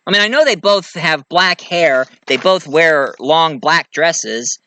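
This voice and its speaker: A man's voice: fairly high pitch, animated, takes it slowly, pushed and bright, a little hiss or hum. A man casually retelling a movie plot as a reviewer, rambling and chatty, with loose grammar and many fillers.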